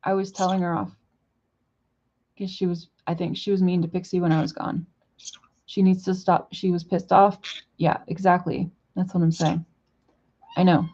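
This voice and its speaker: A woman's voice: fairly low pitch, flat delivery, normal speed, long pauses, mellow. Stoned woman vlogger, rambling casual talk, raised sing-song scolding for her pets, dull lo-fi audio.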